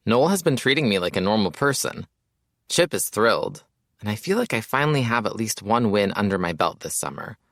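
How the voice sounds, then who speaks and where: A man's voice: fairly low pitch, fairly bright tone, no room sound, clean studio sound. A man narrating an audiobook in the first person, with a casual, wry storytelling manner.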